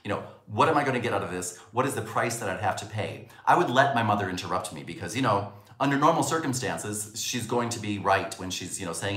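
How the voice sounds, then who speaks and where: A man's voice: on the low side, fast talker. A man teaching a spoken lesson on communication, acting out quoted lines as he goes. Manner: animated, acts out quoted lines. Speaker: communication coach. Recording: roomy echo.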